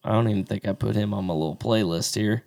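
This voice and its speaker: A man's voice: lowish voice, fast talker, creaky. Easygoing male podcast co-host. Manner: relaxed, runs through lists of years and winners. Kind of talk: casual chat about country music.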